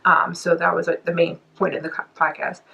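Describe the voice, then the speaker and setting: A woman in her twenties ranting casually to camera as a K-pop vlogger, animated and indignant, rambling and laughing between points. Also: fairly low pitch, brisk, gravelly, muffled recording. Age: 20s.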